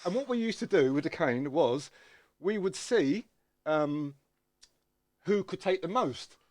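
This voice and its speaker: A middle-aged man, co-hosting a podcast in casual chat, telling animated stories and cutting in with "hold on". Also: a little high, a little slow, no echo, studio quality. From South London, England. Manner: animated storytelling, interrupts with "hold on" and "mush". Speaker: podcast co-host.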